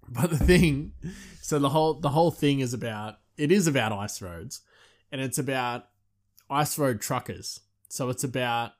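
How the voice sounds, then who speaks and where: A man chatting casually and rambling as a podcast host, full of fillers and quick laughs. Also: medium pitch. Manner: loose and chatty, full of "you know" and "like", laughs often.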